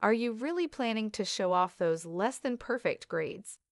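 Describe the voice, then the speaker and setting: A woman's voice: medium pitch, animated, moderate pace, no echo, clean studio sound, natural voice. A woman reading the lines of a harsh, demanding mother who scolds sharply. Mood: scolding.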